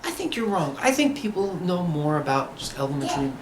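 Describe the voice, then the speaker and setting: A man's voice: fairly high pitch, very animated, fairly quick, roomy sound, heavy background noise. A man voicing a playful male mathematician who sets up a prank on his friend, told as a joke in a lecture. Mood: challenging.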